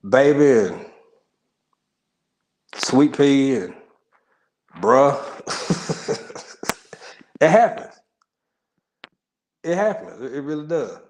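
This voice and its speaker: A man's voice: mid-range voice, expressive, extremely slow, long pauses, darkish tone. Joking Texan man chatting with viewers. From Texas. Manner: chatty and joking, laughs often, rambles in asides. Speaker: livestream host. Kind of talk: casual chat with live viewers.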